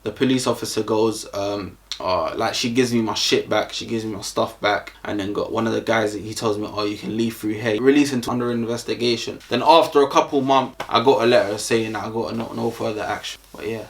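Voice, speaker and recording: A man's voice: on the low side, steady tone, fairly quick, vocal fry, hardly any pauses. A young man with a London accent, telling a casual storytime vlog in a slangy, rambling way full of fillers. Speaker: vlogger.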